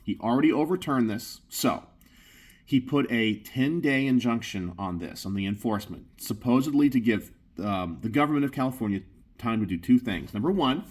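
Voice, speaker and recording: Husky-voiced man ranting on camera. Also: mid-range voice, lively intonation, normal speed, a little mellow. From Texas. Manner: emphatic, keeps saying "okay?". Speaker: gun channel host. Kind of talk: casual commentary.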